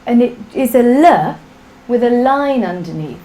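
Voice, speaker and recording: Slow, patient woman teaching a language. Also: on the high side, expressive, mellow, poor audio. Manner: slow, patient drilling of sounds with call-and-repeat. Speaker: Sanskrit teacher. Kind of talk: live online language class.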